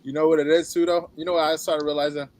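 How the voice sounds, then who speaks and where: A man co-hosting a boxing podcast with a fairly high voice. He talks in slangy casual chat and turns animated and loud when he makes a point. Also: quick pace, slight background noise. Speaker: podcast co-host.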